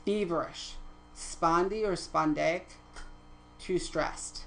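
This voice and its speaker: A woman's voice: deep voice, steady tone, measured pace, creaky, a little hiss or hum, low-quality recording. A woman teaching poetry terms in a lecture over slides, reading definitions steadily and correcting her own slips. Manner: methodical, reads definitions aloud, self-corrects slips.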